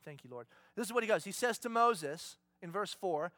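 Man, pastor, sermon, animated, conversational, fairly high voice, dry close sound. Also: normal speed, no echo.

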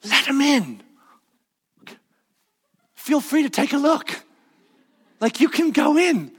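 A man voicing a calm, reassuring angel at a tomb, speaking emphatically and exclaiming. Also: extremely high pitch, slow, voice pushed up, full character voice. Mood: inviting. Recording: long hall reverb.

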